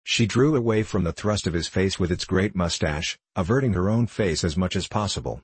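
A man narrates a novel in a measured, even storytelling voice. His pitch sits very low with a husky, breathy grain. The recording is close and dry with no room sound. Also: no room sound. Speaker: audiobook narrator. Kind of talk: scripted narration.

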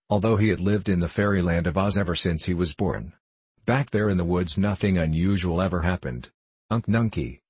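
Deep-voiced man narrating a storybook. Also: a little mellow, husky, dry recording. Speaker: audiobook narrator.

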